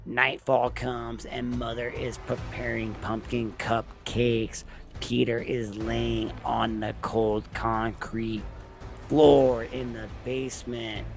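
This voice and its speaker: A man's voice: mid-range voice, level tone, slow, creaky, soft background music. A man retelling a film's plot scene by scene in plain recap narration.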